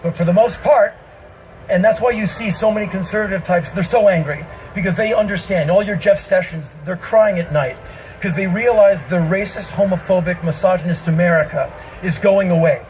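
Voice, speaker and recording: A man giving an emphatic spoken-word monologue to a live audience on an outdoor festival stage, his delivery breaking into shouts. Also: high voice, moderate pace, slight background noise, poor audio.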